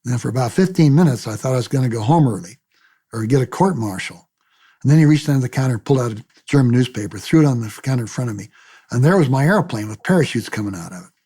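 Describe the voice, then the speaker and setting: An older man, a retired military pilot, recounts his memories in a lively oral-history interview, acting out the voices of people he quotes and repeating words as he restarts. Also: mid-range voice, fast, husky.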